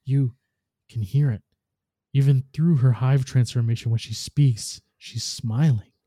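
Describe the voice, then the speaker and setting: Elsie is a furious, frightened female robot from a dark future, as read by a man. She sounds tense and accusing. The voice is very dark and dry. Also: mid-range voice, steady tone, a little slow, dry recording, natural voice.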